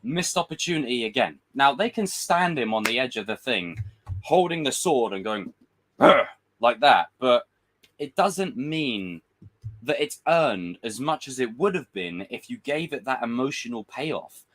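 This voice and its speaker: Animated ranting man. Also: medium pitch, measured pace. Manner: animated, frustrated, swears, acts out quotes. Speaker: film commentator. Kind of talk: casual livestream rant.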